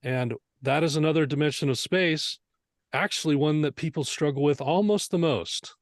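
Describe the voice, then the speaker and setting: A man's voice: a little high, normal speed, dry recording, clean studio sound. A man teaching audio mixing, explaining earnestly and asking rhetorical questions as he goes. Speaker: mixing instructor.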